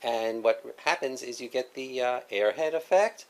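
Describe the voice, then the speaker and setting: A man hosts a talk about teaching. His pitch sits in the middle of the range. He speaks in a loose, halting way, with plenty of ums and self-corrections. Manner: hesitant, many fillers and restarts, laughs often. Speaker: host. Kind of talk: casual educational discussion.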